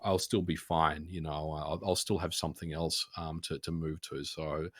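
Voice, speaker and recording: A man speaking as a guest in a casual interview, relaxed and reflective, with many fillers. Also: extremely low pitch, moderate pace, breathy edge, no echo, studio quality.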